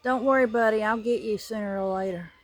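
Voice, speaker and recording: Slightly high and brisk, with no room sound, the voice belongs to a Southern US woman touring her backyard garden with chickens on a handheld phone. She keeps things chatty, joking and animated, swinging from mutters to loud exclamations.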